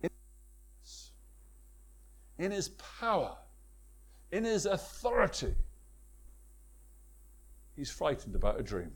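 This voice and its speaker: A man's voice: fairly high pitch, huge pitch swings, slow, long pauses, husky. A man preaching a sermon with emphatic repetition and rhetorical questions to his congregation.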